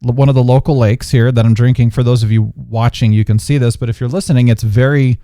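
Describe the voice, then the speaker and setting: A man's voice: mid-range voice, steady tone, fast, warm tone, no room sound, studio quality. A man hosting a casual podcast chat, playful and rambling, often slipping into put-on accents. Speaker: podcast host.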